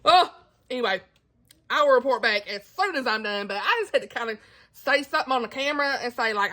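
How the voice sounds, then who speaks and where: A woman's voice: a little high, expressive, fairly quick, pushed and bright. A woman vlogging casually into her phone camera at home, gushing and laughing about a book. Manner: gushing, emotional, laughs often, says like a lot. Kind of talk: casual reading vlog to camera. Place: at home indoors.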